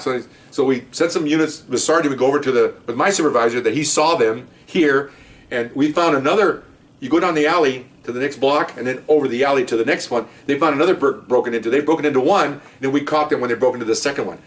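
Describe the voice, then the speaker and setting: A man's voice: mid-range voice, quick pace, distant mic. A man telling police stories in a rambling, casual way, acting out the voices of people in them. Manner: rambling, restarts, acts out voices loudly. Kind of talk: casual storytelling.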